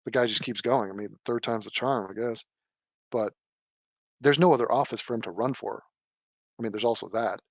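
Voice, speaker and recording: Man, mid-pitched, sarcastic live commentator, dry close sound. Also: normal speed, long pauses, no room sound. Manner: sarcastic, mocking, mimics people in a low mumble. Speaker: political commentator.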